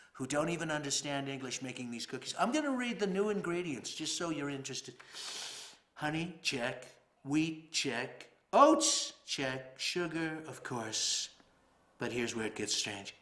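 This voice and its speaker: A blustery, boastful leader rambles on and brags, as a man puts him on for a comedy sketch. The voice is bright and pushed, sitting a touch high. It rings in an echoey room. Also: exaggerated voice. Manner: boastful, rambling, drops to a whisper. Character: blustery boastful male president impression.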